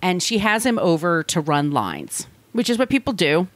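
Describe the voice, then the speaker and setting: A woman's voice: lowish voice, sing-song, normal speed, no echo. A woman co-hosting a podcast, telling a true crime story in a blunt, conversational way. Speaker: podcast co-host.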